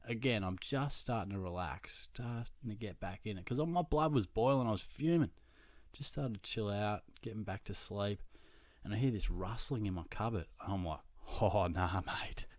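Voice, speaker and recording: A young Australian man, a podcast host, telling a profane, self-mocking anecdote in a casual, animated way. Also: on the low side, moderate pace, no room sound. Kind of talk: casual storytelling.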